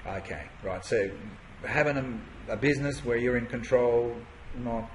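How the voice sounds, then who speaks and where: A man's voice: mid-range voice, measured pace, a little hiss or hum, poor audio. A man teaching an online marketing course in a conversational way, full of rhetorical questions and fillers. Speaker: internet marketing coach.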